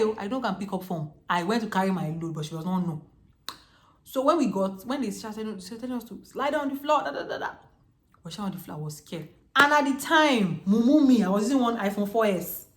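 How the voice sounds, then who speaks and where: A Nigerian woman in her twenties telling a storytime vlog in a lively, chatty way, full of slang. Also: on the low side. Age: 20s. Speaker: vlogger. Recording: echoey room.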